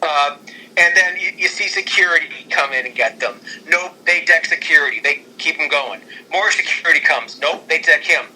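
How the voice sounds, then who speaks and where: Brief: man, casual podcast co-host, rambling, eager, very bright and fairly high voice. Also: normal speed, slight background noise, rough recording. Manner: excitable and rambling, with frequent restarts. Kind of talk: casual podcast chat pitching storylines.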